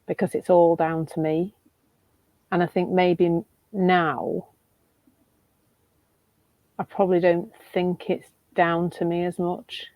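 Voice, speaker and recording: A middle-aged woman from England, thinking aloud in a reflective chat as a podcast co-host, animated and quick to laugh. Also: deep voice, gravelly, no room sound. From Northern England.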